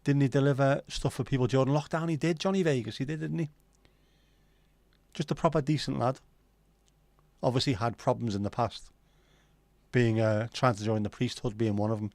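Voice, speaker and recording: A man's voice: mid-range voice, steady tone, moderate pace, vocal fry, long pauses, a little mellow, no echo. A man hosting a casual livestream, chatting and bantering loosely with plenty of swearing while reading viewer comments. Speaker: livestream host.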